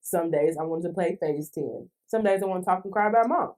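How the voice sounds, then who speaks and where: A woman guest on a podcast, talking earnestly and lively, often saying "like". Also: fairly low pitch, fairly quick. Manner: earnest, heavy use of "like", lively. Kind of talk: conversational podcast chat. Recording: distant mic, roomy.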